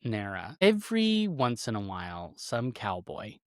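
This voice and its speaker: A man's voice: lowish voice, huge pitch swings, a little slow, no echo, studio quality. A man co-hosting a podcast, telling loose stories from archives work with casual swearing and laughter.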